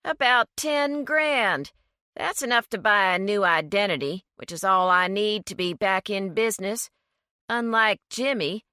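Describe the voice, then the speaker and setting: A woman voicing a gruff male criminal who speaks curtly and without emotion, in a slow, bright, dry reading. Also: medium pitch, dry recording. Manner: curt, menacing, emotionless.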